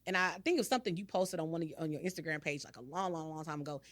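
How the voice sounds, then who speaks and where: A woman's voice: sits low, racing, no room sound. A woman hosting a podcast and speaking as a parent, outspoken and emphatic in casual discussion.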